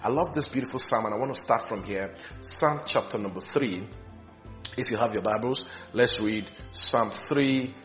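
A male pastor preaching slowly and emphatically, repeating phrases with rising fervor. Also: mid-range voice, sharp tone, soft background music. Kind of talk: sermon.

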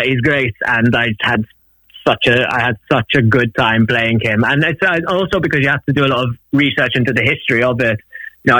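A man's voice: mid-range voice, pushed and bright, no echo, poor audio. A man from Malta with a slightly Welsh-sounding British accent, an actor chatting as a guest in a phone interview, with frequent ums and easy laughs. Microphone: phone line.

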